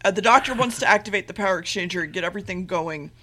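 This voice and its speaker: A woman's voice: lowish voice, rapid-fire, sharp tone. A woman podcast co-host casually recapping a TV episode, rambling and swearing freely, with offhand acted quotes.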